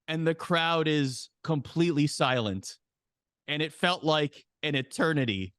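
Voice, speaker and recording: A man telling a long anecdote as a guest on an interview show, animated and jumping his voice up high for quoted lines. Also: moderate pace, smooth, no room sound, studio quality. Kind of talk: storytelling in interview.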